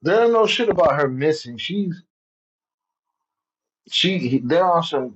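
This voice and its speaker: A man's voice: a little high, lively intonation, slow, long pauses, breathy edge. A man co-hosting a livestream, chatting casually and talking to the viewers. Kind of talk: casual chat. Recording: dull lo-fi sound.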